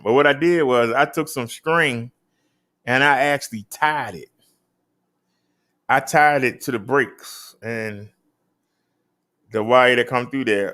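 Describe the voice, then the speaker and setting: A man hosting a casual show, reading out daily figures and chatting. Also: a bit bright. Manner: emphatic, swoops up high on key numbers. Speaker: host.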